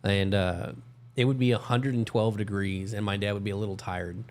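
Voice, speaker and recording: A man with a fairly low voice co-hosts a loose, casual chat. He tells stories with a laugh, and when he reads out updates he slows down with small pauses and fillers. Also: fairly even intonation, a little mellow. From desert region of the US. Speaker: co-host.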